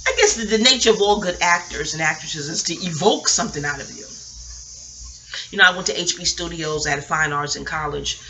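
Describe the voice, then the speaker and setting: A woman's voice: fairly low pitch, normal speed, sharp tone, slight background noise. A woman, rambling through a casual, profane TV recap at home, digressing and laughing often. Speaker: vlogger reviewing a TV episode. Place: home, near a kitchen.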